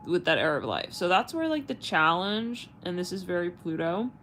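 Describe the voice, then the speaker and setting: A woman with a lowish voice talks casually as a tarot reader on her own channel, wandering from thought to thought with lots of "like" and "you know" and the odd swear. There is a faint hum behind her. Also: animated, moderate pace, fairly bright tone, rough recording. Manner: rambling, searching for words, frequent fillers and swearing. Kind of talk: casual livestream chat.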